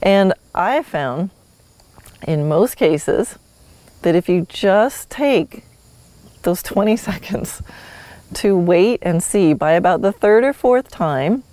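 A woman's voice: on the low side, animated, slow pace, warm tone, dry recording. A woman hosting a solo podcast, teaching horsemanship in a friendly, instructive way with light laughs.

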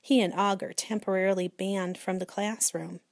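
A woman reading aloud and voicing a gentle, patient schoolteacher in a children's storybook. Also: mid-range voice, steady tone, normal speed, no room sound, studio quality, lightly acted. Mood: calm.

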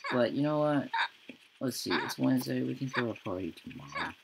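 A woman's voice: rumbling low, sing-song, brisk, gravelly, a little hiss or hum. A woman hosting a let's-play, giving profane, exasperated gameplay commentary and ranting at the game. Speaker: gaming channel host.

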